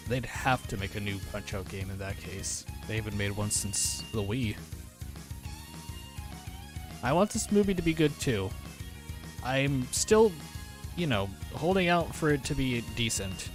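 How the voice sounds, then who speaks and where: A man chatting casually on a livestream, rambling and answering his chat aloud. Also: lowish voice. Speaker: streamer. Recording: music playing under voice. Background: background music.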